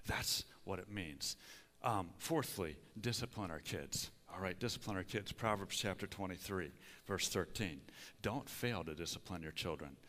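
Folksy and conversational, a middle-aged man delivers a sermon in a church sanctuary, often dropping "okay?" asides to check in with his congregation. His voice is low and a bit bright. The recording carries a long hall reverb.

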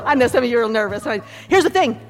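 A high-pitched woman preaches with lively energy, calling on the congregation to repeat phrases and laughing often between points. Her voice rings through a long hall reverb, with faint music underneath. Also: fast talker, shouting, a faint crowd. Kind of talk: sermon.

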